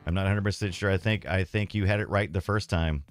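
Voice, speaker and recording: A deep-voiced man chats loosely with his live-stream viewers, rambling and poking fun at himself as he plays. Faint music runs quietly underneath. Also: quick pace. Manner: rambling, self-deprecating, talks to chat while playing. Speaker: streamer playing retro games.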